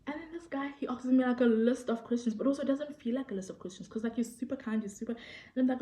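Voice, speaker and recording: Young woman, South African accent, vlogger, animated storytelling, repeats phrases, mellow tone, fairly high voice, echoey room. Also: fast. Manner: animated, excitable storytelling, acts out quoted people, repeats phrases. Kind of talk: casual storytelling to camera.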